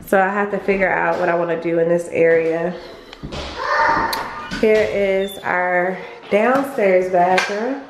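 A young woman gushes her way through a casual vlog tour of her family's new, empty house, filmed on a handheld phone. Her voice sits on the low side, steady and slow, with background noise. She's chatty, full of fillers and a bit out of breath walking from room to room.

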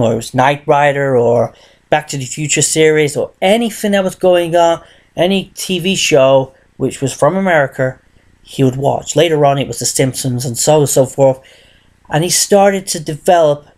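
A man's voice: medium pitch, a little mellow. A man in his thirties telling a long, rambling story in a casual vlog monologue, circling back and repeating phrases as he goes. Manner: rambling, repetitive, restarts phrases, tells his story in third person. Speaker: vlogger.

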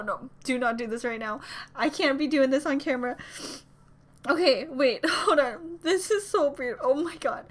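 A woman's voice: high voice, normal speed. A young woman filming a reaction video, gushing and flustered, talking herself through it and swearing casually. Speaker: YouTube reactor. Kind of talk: excited reaction vlog.

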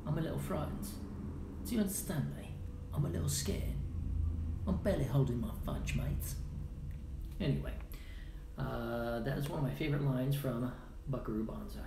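Editing audio on a casual live stream, this man chats and mutters to himself, playfully swinging from loud outbursts to quiet asides. His mid-range voice is gravelly and fairly quick. The room echoes, with faint noise in the background.

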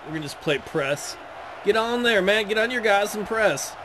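A man playing a football video game and joking crudely and excitably as he comments on the action. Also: high-pitched, normal speed, crowd noise, background noise. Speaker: Let's Play gamer. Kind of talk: casual gameplay commentary.

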